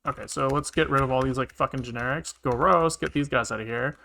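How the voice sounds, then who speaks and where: Speaking quickly with few pauses, this man has a mid-range voice with vocal fry and a pushed, bright quality. He's coding on a live stream, talking through his thoughts and cursing casually under his breath while keys click and clatter in the background.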